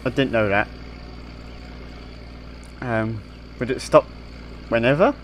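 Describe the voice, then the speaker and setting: A man's voice: mid-range voice, slow, a little hiss or hum. A man giving casual, playful gameplay commentary, giggling often and putting on a silly voice to tease a game character. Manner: puts on a silly voice. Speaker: gaming video creator.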